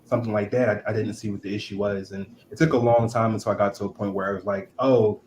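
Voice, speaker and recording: Flat, reflective low-voiced man. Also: quick pace. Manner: reflective, hesitant, flat delivery. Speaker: guest husband. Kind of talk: casual chat. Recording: echoey room with faint noise.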